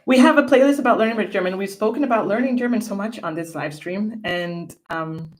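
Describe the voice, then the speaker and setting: A woman's voice: mid-range voice, brisk. A woman co-hosting a casual livestream, chatting and reading viewer comments aloud from a home setup. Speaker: livestream co-host.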